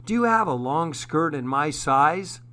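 A man voicing a soft-spoken, reassuring father in a read-aloud storybook. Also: a little high, lively intonation, unhurried. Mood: gentle. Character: gentle caring father.

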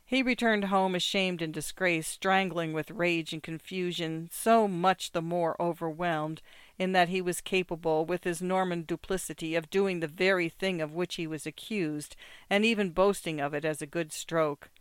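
A narrator reading short stories aloud in a measured, steady way. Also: medium pitch, smooth, no room sound.

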